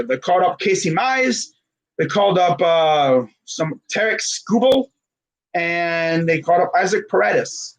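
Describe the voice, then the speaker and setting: On a stream, a man in his twenties with a high-pitched voice chats casually about sports, rambling with many fillers and self-corrections as he reads live comments. The recording is rough.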